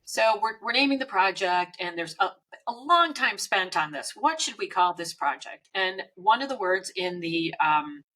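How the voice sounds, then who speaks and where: A woman's voice: medium pitch, lively intonation, moderate pace, pushed and bright, low-quality recording. A woman co-hosting a business podcast, telling workplace stories in a chatty way with frequent fillers. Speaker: podcast co-host.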